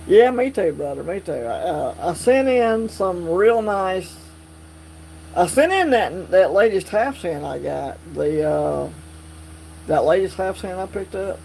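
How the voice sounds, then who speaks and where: A man hosting a casual live stream, chatting with viewers in a relaxed, drawling way. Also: sits high, unhurried, vocal fry, low-quality recording. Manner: drawling, relaxed, reads and answers chat. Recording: faint mains hum.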